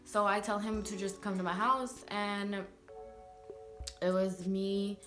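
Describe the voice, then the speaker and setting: A woman's voice: mid-range voice, little pitch movement, takes it slowly, fairly bright tone, faint music behind. A young woman vlogger telling a personal story in a rambling way, full of "like" fillers. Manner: rambling, heavy use of "like" fillers.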